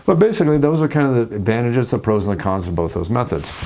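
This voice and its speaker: A man hosting a casual talk about tabletop games, jokey and animated, acting out scenes at the table. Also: mid-range voice, quick pace, slight background noise. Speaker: host.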